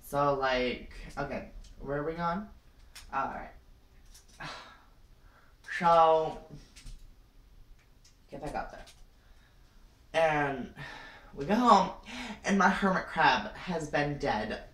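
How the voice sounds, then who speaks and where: A woman's voice: deep voice, extremely slow, long pauses. A young woman improvising a comic story time, rambling and dramatic, with lots of "like" and "you know". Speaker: vlogger. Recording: roomy, distant from the mic.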